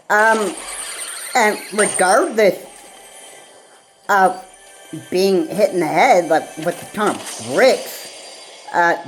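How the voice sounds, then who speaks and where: A woman vlogger in a rambling solo rant, halting and repetitive, with frequent pauses and fillers. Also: fairly low pitch, slight background noise, low-quality recording.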